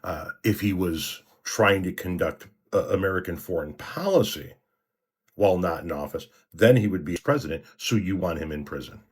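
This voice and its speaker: A man's voice: low voice, moderate pace, breathy edge. A man giving blunt, scornful political commentary, cursing at his opponents. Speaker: commentary vlogger. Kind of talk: angry profane rant.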